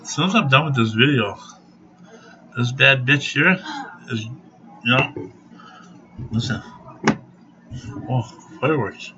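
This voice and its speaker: A man vlogs from home, cursing his way through an angry rant to camera while laughing amid the fury. His mid-range voice goes slowly with long pauses, and the dull lo-fi recording carries background noise.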